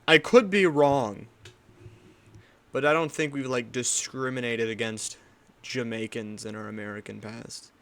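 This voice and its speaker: A man's voice: mid-range voice, fairly bright tone. A young man hosting a podcast, chatting casually with crude, rambling, self-correcting talk. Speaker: podcast host.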